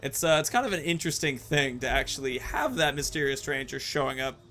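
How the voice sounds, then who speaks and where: Bright, chatty male gameplay commentator. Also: mid-range voice, expressive, brisk, a little hiss or hum. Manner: chatty, jokey, laughs often. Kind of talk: casual game commentary.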